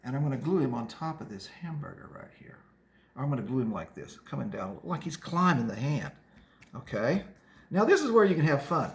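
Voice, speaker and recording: Gravelly guy teaching kids art, lots of ups and downs in his voice, echoey room. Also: medium pitch, fairly quick. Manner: chatty, animated, talks kids through each step. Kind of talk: casual art lesson demonstration for kids.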